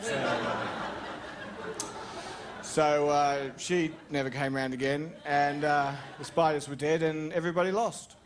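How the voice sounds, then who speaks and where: A man's voice: fairly even intonation, normal speed, hardly any pauses, slight background noise. A young Australian man telling a rambling, self-mocking story on stage as a stand-up comedian. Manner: rambling, self-mocking storytelling with sudden high-pitched jumps.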